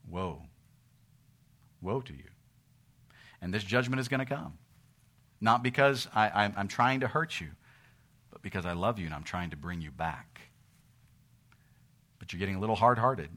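A man preaching an evening sermon, swinging between loud emphatic lines and hushed quoted voices. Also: lowish voice, expressive, moderate pace. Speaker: pastor.

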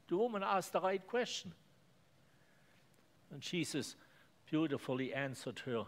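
A man's voice: on the high side, animated, a little slow, pauses often. Earnest man preaching a sermon. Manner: earnest, simple phrasing with emphatic repetitions.

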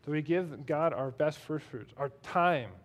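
A man's voice: a little high, a little slow. A man preaching a sermon in a conversational, self-deprecating way, reading scripture aloud between his own remarks. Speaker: pastor.

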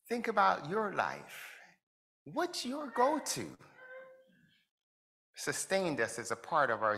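A man's voice: sits high, sharp tone. A man from Jamaica, preaching a conversational sermon who asks his listeners reflective questions and chuckles between points.

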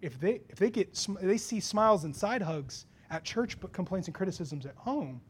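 A man with a fairly high voice preaches to his church. He is animated and builds from quiet reflection to loud, pressing rhetorical questions. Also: normal speed, husky. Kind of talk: sermon. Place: church before a congregation.

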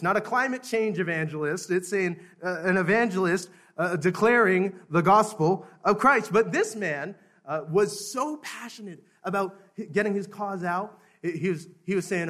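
A man's voice: sits high, lively intonation, a little fast, a bit bright. A Baptist preacher telling a story in a sermon, often chuckling and repeating words as he goes.

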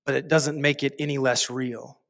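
A man preaching a sermon, slow and deliberate, repeating phrases for emphasis. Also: medium pitch, level tone, gravelly, a bit bright.

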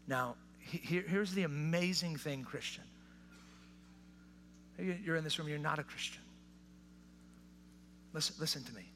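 High bright-voiced preacher, hushed to impassioned. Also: male voice, lively intonation, unhurried, gravelly, long pauses, a little hiss or hum. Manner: swings between hushed intimate asides and rising impassioned appeals. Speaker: pastor. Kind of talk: sermon. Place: church or hall with live audience.

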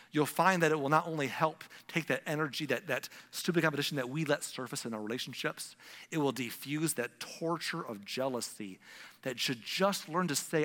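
A man's voice: a little high, fairly bright tone, long reverb tail. A middle-aged man preaching a sermon as pastor, talking conversationally and acting out little scenes in shifting voices.

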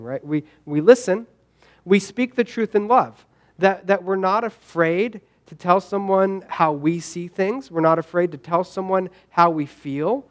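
High-voiced man preaching casually. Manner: conversational, frequent "right?" asides, acts out quoted lines. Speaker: pastor. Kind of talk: sermon.

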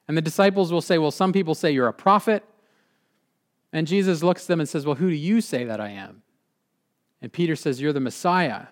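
A male pastor delivering a sermon in an earnest way, slowing for emphasis and dropping quiet at the ends of points. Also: fairly high pitch. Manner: earnest, with slowed emphatic phrasing and drops to a quiet close.

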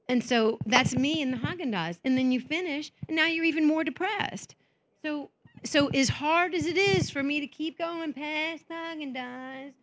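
A woman's voice: high-pitched, moderate pace, a bit bright. A woman speaking at a women's conference. She tells candid, self-mocking stories and acts out the voices of the people she quotes. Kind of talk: conference talk.

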